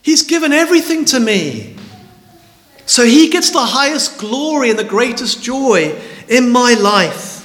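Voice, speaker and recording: A man preaching a sermon in a high, animated voice that rises and falls widely. He speaks slowly and with emphasis, often repeating words for stress. The sound rings with the long reverb of a large, echoey hall.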